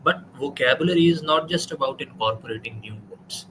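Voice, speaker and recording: A man's voice: mid-range voice, a little fast, bright, forceful tone, a little hiss or hum, poor audio. Indian man giving frank English feedback. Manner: direct, corrective, explanatory. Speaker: English tutor. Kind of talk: spoken English practice session with feedback.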